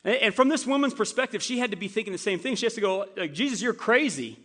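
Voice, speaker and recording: In a church sanctuary, a pastor with a high voice races through an animated story during his sermon, frequently stammering and restarting.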